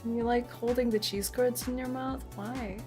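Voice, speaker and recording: High-voiced playful woman streamer. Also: steady tone, normal speed, over music. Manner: playful, theatrical, teasing. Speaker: VTuber streamer. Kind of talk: casual live-stream chat with viewers.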